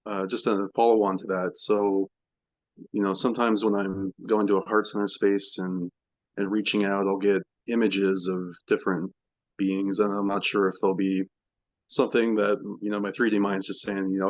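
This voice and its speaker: A man's voice: deep voice, flat delivery, moderate pace, dry recording, lo-fi sound. A man asking a question in a spiritual Q&A, tentative and searching for his words. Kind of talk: casual Q&A.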